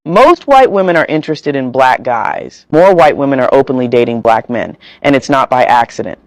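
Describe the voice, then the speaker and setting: A man reads a scripted voice-over at an even, measured pace. His voice is smooth and resonant, with a dry, close sound. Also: medium pitch, dry recording, low-quality recording. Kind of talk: scripted narration.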